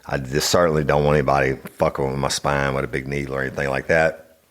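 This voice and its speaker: A man's voice: rumbling low, flat delivery, quick pace, fairly bright tone. A middle-aged man, telling a personal story on his podcast in a blunt, profane, rambling way. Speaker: podcast host. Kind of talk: casual storytelling.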